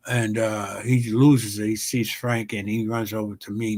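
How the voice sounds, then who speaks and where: Loose, animated storytelling comedian man. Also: lowish voice, a little slow. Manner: animated joke-telling with swearing and laughs. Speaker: comedian and show host. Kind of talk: casual storytelling.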